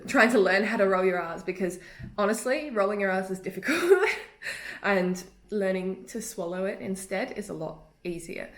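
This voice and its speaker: A young woman, a native English speaker, giving casual spoken tips on pronunciation in a chatty way and laughing easily. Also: medium pitch. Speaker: language tips vlogger. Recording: echoey room.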